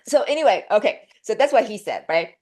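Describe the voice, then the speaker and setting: A woman telling a story as an interview guest, lively and chatty, jumping up in pitch when she acts out what people said. Her delivery is casual and full of fillers and restarts. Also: fairly quick. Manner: animated storyteller, laughing, acting out quotes with pitch leaps.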